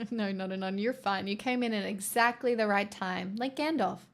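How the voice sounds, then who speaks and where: A woman's voice: mid-range voice, moderate pace. A woman from the southeastern US hosting a livestream, chatting casually and teasing her viewers as she reads the chat. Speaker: livestream host.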